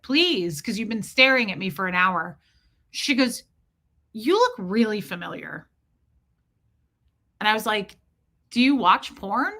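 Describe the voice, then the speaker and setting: A middle-aged woman on a casual live stream, telling a rambling, self-mocking story with deadpan jokes and reading out chat. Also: mid-range voice, measured pace, long pauses.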